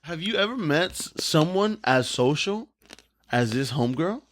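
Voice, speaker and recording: A man's voice: a little high, lively intonation, normal speed. A man co-hosting a casual comedy podcast, rambling through stories, cursing freely and laughing often. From Mexican-American. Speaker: podcast co-host.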